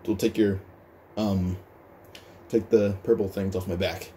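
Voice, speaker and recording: A man's voice: low-pitched, flat delivery, measured pace, warm tone, a little hiss or hum. A man voicing an angry teenage boy hero in his own plain storytelling voice, with stumbling restarts. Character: boastful teen boy hero, angry fighter.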